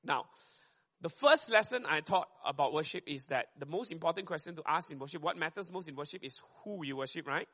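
Man, sermon, high-pitched, bright tone, fast and chatty. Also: expressive. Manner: quick and conversational, often checks in with "right?". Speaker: preacher.

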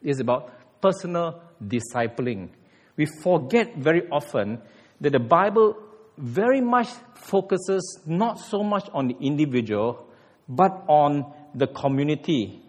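A man preaching a sermon in an animated way, with sudden emphatic rises. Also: on the high side, in a large hall. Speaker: pastor.

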